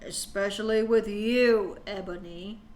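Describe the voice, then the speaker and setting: A woman's voice: mid-range voice, steady tone, unhurried, darkish tone, a little hiss or hum, pitched below the performer's own voice, natural voice. A woman voicing a grumpy, scornful old male headmaster wizard in a sneering, dismissive tone.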